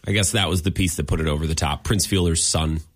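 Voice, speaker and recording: A man co-hosting sports talk radio, making wry, quick comebacks. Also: a bass voice, steady tone. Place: radio studio.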